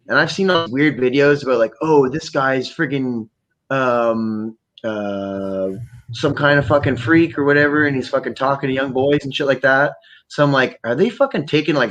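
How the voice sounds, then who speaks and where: A man from Canada hosting a podcast, talking in a rambling, profane, animated way. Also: medium pitch. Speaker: podcast host. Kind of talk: casual chat.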